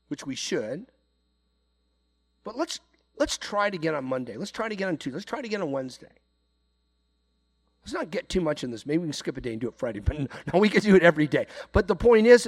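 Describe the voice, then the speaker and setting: A man's voice: a little high, breathy edge. A middle-aged man preaching a sermon to his congregation in a loose, conversational way, often repeating words and saying "you know". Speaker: pastor.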